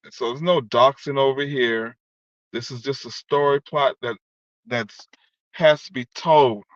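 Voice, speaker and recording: Speaking at a medium pitch and a little slowly, this man rants on his vlog at a person who wronged him, cursing, wandering off track, and leaning constantly on "you know what I'm saying." The audio is lo-fi, dull, and dry, without any room sound.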